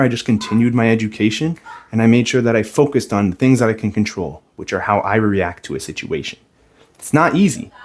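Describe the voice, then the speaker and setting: A young man talks straight to his viewers in an earnest, plain-spoken way. His voice sits at an ordinary middle pitch, and he sounds reflective and sincere as he shares his own experience as a stay-at-home dad. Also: darkish tone. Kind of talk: personal talk to camera.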